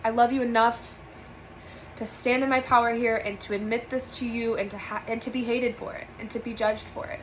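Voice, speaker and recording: A woman's voice: a little high, fairly even intonation, brisk, slight background noise, low-quality recording. A young woman giving an earnest spiritual monologue to camera from a small room, emphatic and repeating phrases for stress. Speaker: spiritual vlogger.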